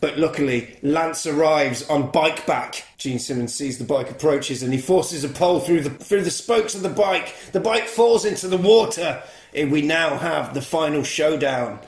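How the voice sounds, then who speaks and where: A man's voice: on the high side, normal speed, few pauses, echoey room. Sweary man recapping a film. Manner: sweary, animated retelling with put-on character voices. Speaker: podcast co-host. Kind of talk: casual comedic film recap.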